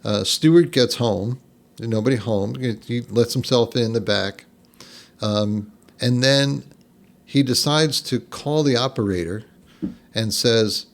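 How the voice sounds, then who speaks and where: A man's voice: medium pitch, slow. An older man from New Jersey spins a long family story as a podcast guest. He rambles along in an easy, conversational way, circling back with "so" and "anyway" and chuckling at his own tale. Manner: rambling, lots of fillers and restarts, laughs at his own story. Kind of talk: casual storytelling.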